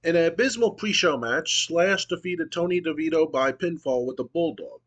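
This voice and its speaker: Male gamer as booker, casual commentary, relaxed delivery, higher-pitched voice. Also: moderate pace, highs cut off. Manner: relaxed, reads out results with fillers. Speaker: video game booker.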